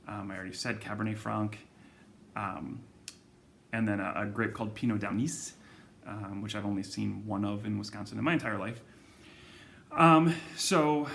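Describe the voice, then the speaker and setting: A man's voice: lowish voice, creaky, fairly bright tone, slight background noise. A man hosting a wine club video, chatting casually with lots of ums and self-corrections. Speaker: wine shop host presenting monthly wine club picks. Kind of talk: casual video talk to camera.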